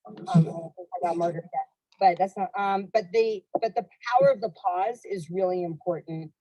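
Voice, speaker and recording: Panel guest: woman, mellow low voice, chatty, dry sound. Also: fairly quick, no room sound, poor audio. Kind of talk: casual advice on a panel.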